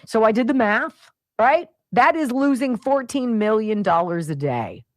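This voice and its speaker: A woman's voice: on the high side, lively intonation, measured pace, dry recording, clean studio sound. A woman hosting a radio talk show, ranting with sarcastic exasperation. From Pennsylvania, United States.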